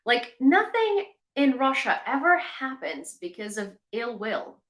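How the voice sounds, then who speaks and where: A woman's voice: high-pitched, big pitch swings, unhurried, a bit bright. A woman hosting a livestream news commentary, chatty and sarcastic. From Ukraine. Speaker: host. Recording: echoey room.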